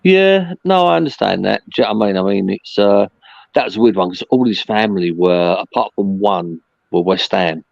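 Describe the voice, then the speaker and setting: Deep-voiced guy rambling on a podcast, fillers everywhere, muffled dry sound. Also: expressive, moderate pace, vocal fry, a little mellow, dry recording. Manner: rambling, chatty, lots of fillers. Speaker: podcast guest, merchandise seller. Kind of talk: casual chat.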